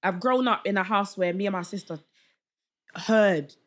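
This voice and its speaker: Animated young woman telling a story. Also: medium pitch, normal speed. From London. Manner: animated, acts out quoted voices, slangy. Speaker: podcast guest. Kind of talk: casual storytelling chat.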